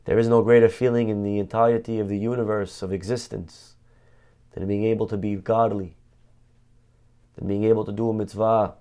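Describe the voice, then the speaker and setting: A man, a rabbi, teaching a Torah class through a story. He tells it dramatically, slowing down and lifting his voice at the emotional peaks. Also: on the low side, little pitch movement, dark tone, smooth.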